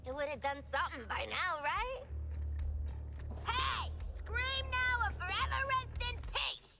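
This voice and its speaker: A manic, gleeful criminal with a very high, bright, sharp voice. She teases and mocks with bubbly energy. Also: animated, measured pace, slight background noise, exaggerated voice. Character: manic, playful criminal woman.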